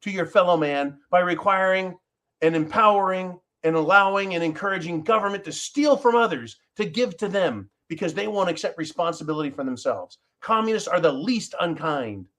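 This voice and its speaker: A man's voice: high voice, lively intonation, moderate pace, fairly bright tone. A man hosting a live stream, talking passionately and emphatically to his viewers, swearing freely and calling them folks. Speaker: live show host.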